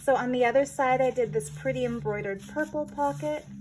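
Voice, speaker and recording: Crafty woman narrating her journal flip-through, chatty and self-teasing, a touch high, hissy noisy recording. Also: brisk. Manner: chatty, with playful self-aware asides. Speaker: junk journal crafter showing her work. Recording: noticeable background noise.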